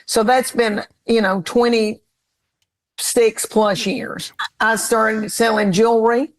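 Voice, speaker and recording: A woman's voice: fairly high pitch, fairly even intonation, takes it slowly. Chatty Tennessee Southern woman in her fifties. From Tennessee, USA. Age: 50s. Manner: chatty, rambling, self-deprecating, laughs often. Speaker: comedian guest. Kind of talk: casual interview storytelling.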